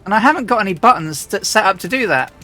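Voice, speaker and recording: A woman streamer chatting casually and rambling as she flies a simulator, often restarting and clearing her throat. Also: mid-range voice, expressive, fast talker, a bit bright, faint music behind. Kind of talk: casual live-stream chat while flying a flight simulator.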